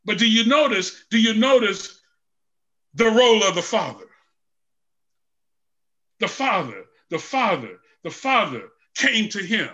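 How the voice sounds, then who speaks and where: Male preacher, high and brassy, call-and-response sermon with shouted peaks and soft questions. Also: very animated, a little slow, pauses often, muffled recording.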